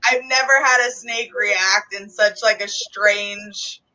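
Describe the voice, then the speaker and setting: Bright chatty woman, off-mic. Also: medium pitch, fairly even intonation, slow. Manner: chatty, laughs often. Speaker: reptile livestream host. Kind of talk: casual chat. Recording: distant from the mic.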